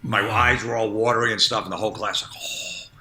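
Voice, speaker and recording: A man's voice: fairly low pitch, fairly even intonation, fast, sharp tone. A man in his fifties, a comedian guest, telling blunt stories in casual podcast chat and laughing at himself.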